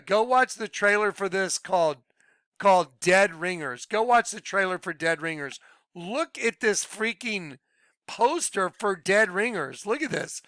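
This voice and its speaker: Excitable man rambling to viewers. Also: high voice, clear, resonant tone, no echo. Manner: excitable, laughs often, trails off and restarts. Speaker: video blogger.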